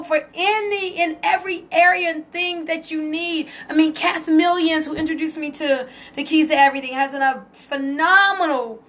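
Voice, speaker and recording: A woman hosting a casual live stream, excited and emotional as she talks to viewers and reads their comments aloud. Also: high voice. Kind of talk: casual Facebook Live testimony.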